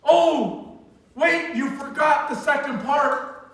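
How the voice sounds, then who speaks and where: High-voiced woman preaching in an echoey hall. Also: takes it slowly, long pauses, distant mic. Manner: emphatic, rhetorical questions, bursts of shouting. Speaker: youth retreat speaker. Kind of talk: sermon to youth.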